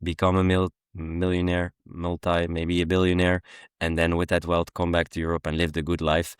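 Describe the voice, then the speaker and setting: A young Belgian-accented man co-hosting a podcast in a relaxed, easygoing chat, pausing often on ums and uhs. His voice sits very low and stays quite flat in pitch. The recording is dry and close. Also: clear, resonant tone, no room sound. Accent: West Flemish. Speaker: podcast co-host. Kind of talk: casual chat.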